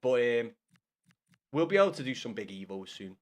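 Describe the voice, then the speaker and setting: A young man chatting casually with viewers on a live gaming stream, swearing often and bantering loudly with chat. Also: mid-range voice, very animated, moderate pace.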